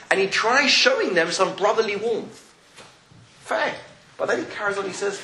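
A man's voice: high voice, expressive, normal speed, long pauses. Man teaching Torah in an echoey room. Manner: storytelling, with rising questions. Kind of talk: Torah class on the weekly portion. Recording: echoey room, faint noise.

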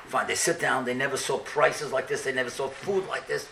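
A man giving a storytelling sermon, animated and acting out the dialogue. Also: mid-range voice, brisk, vocal fry, slight background noise. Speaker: speaker. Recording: echoey room, mic at a distance.

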